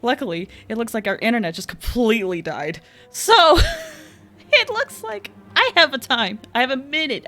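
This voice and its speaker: A woman streaming a video game live, excitable and giggly, squealing and chatting to her viewers. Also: mid-range voice. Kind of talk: live gaming commentary. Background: game music.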